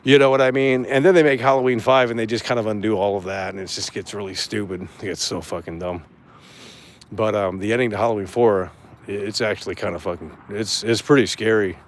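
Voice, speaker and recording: Male streamer, lowish voice, casual excitable rant to chat, swears, stumbles on restarts. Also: a little fast. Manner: excitable, profane, stammering restarts. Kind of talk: casual livestream commentary reading chat.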